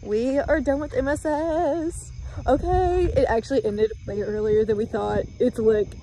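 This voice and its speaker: A chatty young woman with a lilt, vlogging about her day into a phone at arm's length. Her voice sits a little high. A faint hum of noise runs under it. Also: measured pace, mellow. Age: young adult. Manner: chatty, upbeat, says "like" often. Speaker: vlogger, college student. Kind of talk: casual vlog chat.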